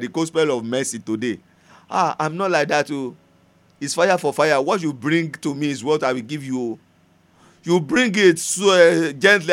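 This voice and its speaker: A man preaching a sermon, emphatic, moving between loud proclamation and soft prayer and laughing often as he tells stories. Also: on the high side.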